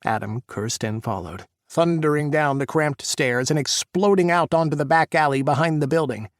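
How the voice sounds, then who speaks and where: A man narrating an audiobook, voicing the characters' shouts during the action scenes. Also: fairly high pitch, normal speed, no echo, clean studio sound. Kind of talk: scripted narration.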